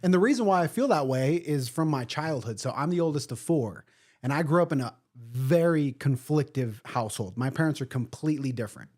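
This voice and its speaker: A man's voice: mid-range voice, animated, a little fast, darkish tone. A man talking as a podcast guest, who speaks emphatically and repeats key words for weight. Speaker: guest, event organizer. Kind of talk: casual podcast interview.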